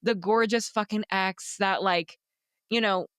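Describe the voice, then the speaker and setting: A woman's voice: mid-range voice, fairly even intonation, a little slow, fairly bright tone, no echo, studio quality. A woman co-hosting a casual book podcast, talking animatedly, swearing freely and acting out characters' lines. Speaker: podcast co-host.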